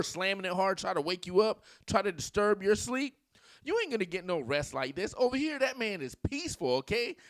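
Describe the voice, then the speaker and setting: A man's voice: fairly high pitch, a bit bright, dry recording, studio quality. A man in his forties giving casual dating commentary, telling stories in slang and mimicking voices.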